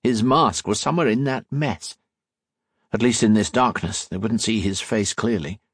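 Reading a scripted audiobook, a man tells the story in a steady, measured manner. His pitch is fairly low and slightly rough, and the clean studio sound carries no echo.

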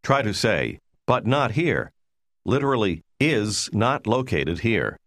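A man narrating a language course in a scripted, instructional way, giving clear, measured prompts. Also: lowish voice, big pitch swings, a bit bright, no room sound, clean studio sound.

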